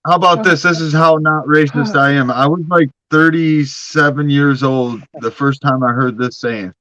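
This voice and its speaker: A man's voice: fairly high pitch, fairly even intonation, moderate pace, pushed and bright, no room sound. A man telling stories in casual chat, heavy on profanity and calling others "dude". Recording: dull lo-fi sound.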